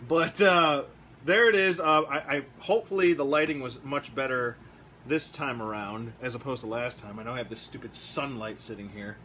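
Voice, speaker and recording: A man who collects toys, chatting in a rambling, excitable way with lots of fillers, recorded in a room at home. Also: medium pitch, normal speed, slight background noise. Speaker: toy collector vlogger. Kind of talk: casual rambling review vlog.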